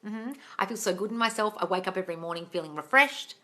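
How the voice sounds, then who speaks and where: A woman's voice: medium pitch, quick pace, sharp tone. A young woman hosting a casual live Q&A on manifesting. She reads viewer comments aloud and answers them frankly, with swearing, and calls everyone darling.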